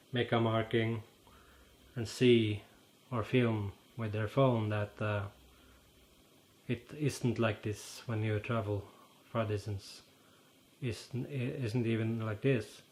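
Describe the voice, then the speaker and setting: Slow, halting Norwegian man. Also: on the low side, darkish tone. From Norway. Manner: halting, searches for words, many fillers. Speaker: channel host. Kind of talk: casual explanatory monologue. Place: in front of a green screen.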